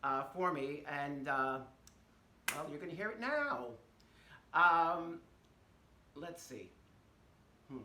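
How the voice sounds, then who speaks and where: High-voiced, unhurried male vlogger. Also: animated, background noise. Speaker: host. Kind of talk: casual storytelling vlog. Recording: roomy echo.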